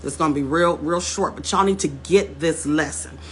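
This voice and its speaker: At a normal speed and low pitch, a female vlogger tells a story directly to her audience, with a faint hiss or hum audible. She refers to viewers as y'all, repeats herself as she goes, and works up to emphatic points.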